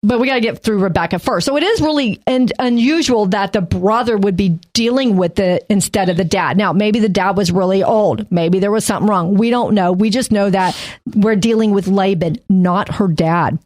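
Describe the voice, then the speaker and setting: A woman's voice: mid-range voice, moderate pace, darkish tone. A woman with a Texas accent, co-hosting a Bible study podcast in a rambling, self-deprecating way. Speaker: podcast co-host. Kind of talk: casual Bible study chat.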